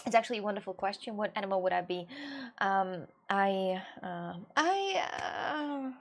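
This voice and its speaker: A young woman whose first language is Russian talks casually with her live viewers at a normal speed, with a medium pitch and lively intonation. She's giggly and scattered, breaking into laughter and restarting her sentences.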